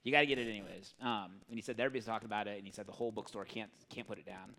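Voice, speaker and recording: A man hosting a book podcast who talks quickly in a loose, rambling, joking way. His voice is lowish with a gravelly edge and a bright, forceful tone. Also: steady tone. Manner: rambling, jokey, lots of fillers. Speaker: podcast host. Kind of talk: casual book-club podcast chat.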